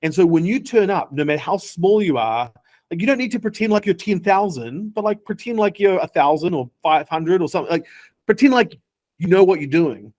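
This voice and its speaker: Man, New Zealand accent, startup founder, interview guest, lively storyteller, slightly high pitch. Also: fairly quick. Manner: animated storyteller, acts out quoted dialogue. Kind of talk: casual interview talk.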